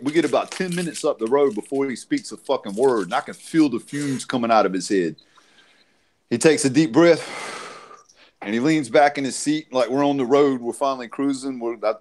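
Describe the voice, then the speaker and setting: A man's voice: medium pitch, a little mellow. A man telling a crude, laugh-filled story on a casual panel show, swearing freely. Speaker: podcast panelist.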